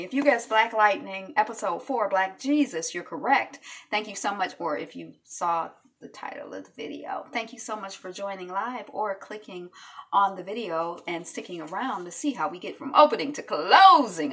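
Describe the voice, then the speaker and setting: A woman hosting her own channel, recapping a TV episode in a casual, animated monologue and acting out quoted lines. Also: mid-range voice, distant mic.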